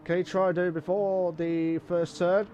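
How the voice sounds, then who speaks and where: Excitable guy doing live race commentary, kinda high voice, little hiss behind. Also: moderate pace. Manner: excitable, repeats phrases, bursts into shouts. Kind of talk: live sim racing commentary.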